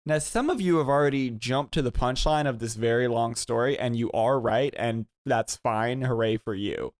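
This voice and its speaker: A man co-hosting a podcast, telling a long story in a rambling, animated way and jumping into high voices when quoting people. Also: moderate pace, no room sound, studio quality. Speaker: podcast co-host. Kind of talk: casual storytelling.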